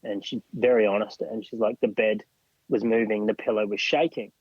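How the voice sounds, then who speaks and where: Husky Australian man telling a story. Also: fairly low pitch, steady tone, normal speed, dry recording, lo-fi sound. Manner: acts out other people's lines while recounting. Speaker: podcast guest. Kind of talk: personal storytelling in a podcast interview.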